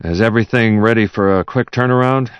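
A man's voice: fairly low pitch, fairly quick, clear, resonant tone, no room sound, pitched above the performer's own voice, lightly acted. A man voicing a curt, domineering male executive who barks impatient demands. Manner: barking, impatient.

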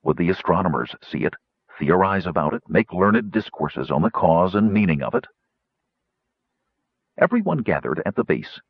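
A man narrates a fantasy story in a dramatic, measured way. His husky, low voice swoops widely. The recording is dry, dull and lo-fi. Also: very animated, dry recording. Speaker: audiobook narrator.

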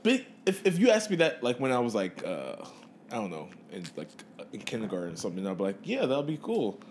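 Lively-voiced hesitant podcast man. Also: lowish voice, fast, a little hiss or hum. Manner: hesitant, full of likes and restarts. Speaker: podcast co-host. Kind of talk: casual chat.

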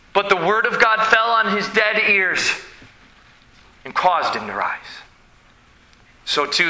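A man preaching a sermon as pastor, slow and emphatic, with dramatic pauses. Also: on the high side, bright, forceful tone, roomy sound, low-quality recording.

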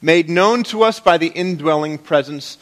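Man, pastor, slightly high voice, conversational sermon, playful with the congregation. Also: moderate pace.

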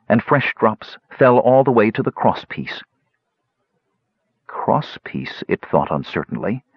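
A man narrating a fantasy audiobook in a measured, expressive reading style. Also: fairly low pitch, slightly rough, no room sound. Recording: dry, dull lo-fi recording.

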